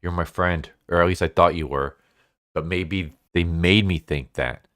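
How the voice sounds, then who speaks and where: A man voicing a rebellious male supersoldier deer who urges his friend to rebel, spoken in his own low, smooth voice as a comic recap. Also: steady tone, measured pace, a bit bright, dry recording, studio quality. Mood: urgent.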